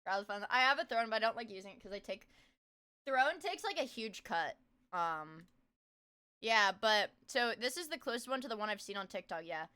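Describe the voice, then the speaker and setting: A young woman streamer chatting casually with her viewers, rambling and swearing, breaking into loud laughter. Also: a little high, animated, moderate pace, clean tone. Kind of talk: casual livestream chat.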